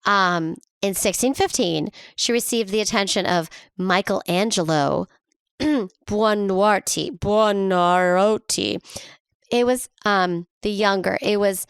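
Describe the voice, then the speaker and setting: A woman's voice: mid-range voice, a little slow, clear, resonant tone, dry recording, clean studio sound. A woman co-hosting a podcast, telling a story in casual chat with sarcastic, jokey asides. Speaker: podcast co-host.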